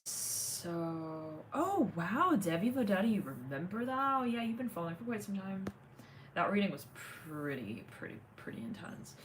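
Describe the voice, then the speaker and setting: A woman's voice: medium pitch, sing-song, normal speed, a little hiss or hum. A woman hosting a casual livestream, chatting in a rambling way with many fillers, thanking viewers. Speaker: livestream host.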